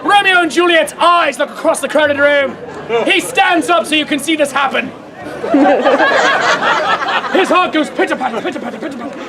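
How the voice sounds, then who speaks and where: A man performs a comic story on an outdoor fair stage, playful and quick to laugh as he directs volunteers. His voice sits very high. A loud crowd laughs and chatters all around him. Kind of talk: audience-participation comic storytelling.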